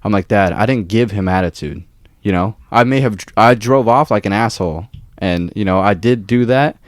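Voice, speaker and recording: This young co-host's lowish voice comes through at normal speed, studio quality with no room sound. In relaxed podcast chat he relates a work story, swearing openly and dramatizing the quotes.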